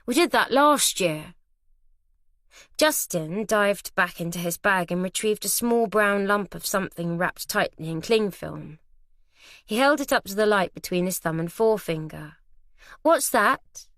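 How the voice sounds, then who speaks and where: A woman reading a thriller audiobook at a measured, steady pace. The recording is very dry and close, with no room sound. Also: mid-range voice, no echo. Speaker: audiobook narrator. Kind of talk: scripted narration.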